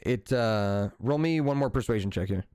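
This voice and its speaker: A man's voice: medium pitch, moderate pace, darkish tone, smooth, no echo. Easygoing man running a tabletop game. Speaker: game master.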